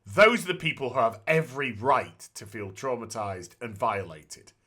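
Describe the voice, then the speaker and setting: A man's voice: mid-range voice, lively intonation, moderate pace, sharp tone. A man co-hosting a casual podcast, talking bluntly with lots of swearing and restarts. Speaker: podcast co-host.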